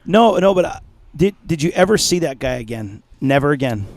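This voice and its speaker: A man hosts a podcast interview. His voice sits slightly high. He mostly gives short, encouraging replies. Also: big pitch swings, a little fast. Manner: brief encouraging responses. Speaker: podcast host.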